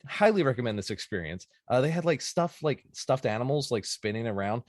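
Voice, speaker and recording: A man in his thirties, a podcast host telling stories in a rambling, excitable casual chat. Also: mid-range voice, fairly quick, no echo, studio quality.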